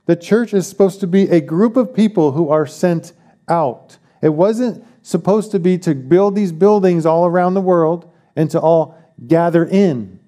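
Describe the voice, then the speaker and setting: A man's voice: on the high side, unhurried, warm tone. A man preaching a sermon as pastor, emphatic, repeating key phrases and asking the congregation questions.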